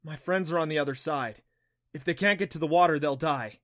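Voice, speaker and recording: A man's voice: fairly high pitch, fairly quick, a bit bright, dry recording, clean studio sound, pitched above the performer's own voice, close to an everyday voice. A man voicing an earnest, brave teenage boy who talks in a worried, pleading way.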